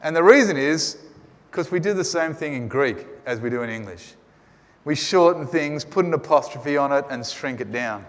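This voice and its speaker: A man's voice: a little high, lively intonation, moderate pace. An Australian man teaching a Greek class in a chatty, joking way. He wears a mask and keeps asking the class "right?". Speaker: Greek lecturer. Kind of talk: classroom lecture. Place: lecture room. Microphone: wearing a mask. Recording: long echo of a hall.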